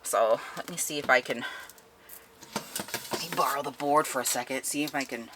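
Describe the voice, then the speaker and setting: Low-voiced woman retelling a book, chatty. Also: normal speed, noisy background. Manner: chatty and animated, laughs often while retelling. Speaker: book reviewer. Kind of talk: casual spoken book review.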